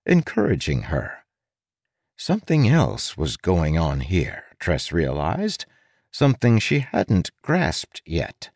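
A man reads an audiobook aloud in a wry, expressive way, his fairly low voice rising and falling freely. The recording is close and dry, with no room sound. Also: gravelly, no room sound. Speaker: narrator. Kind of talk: audiobook narration.

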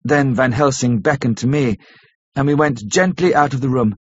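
Husky male audiobook narrator. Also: medium pitch, dry recording. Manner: measured, steady storytelling. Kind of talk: scripted narration of a classic novel. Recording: dull lo-fi recording.

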